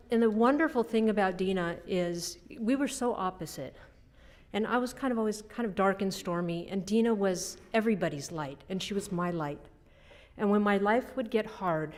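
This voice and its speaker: A middle-aged woman giving a funeral eulogy for her sister, telling childhood stories with soft laughs. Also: medium pitch, moderate pace. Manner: anecdotal storytelling with soft laughs.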